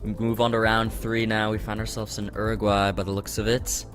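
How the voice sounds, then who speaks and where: A man's voice: lowish voice, little pitch movement, a little fast, soft background music. A man doing upbeat play-by-play for a competitive geography game. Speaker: esports caster. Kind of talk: play-by-play commentary.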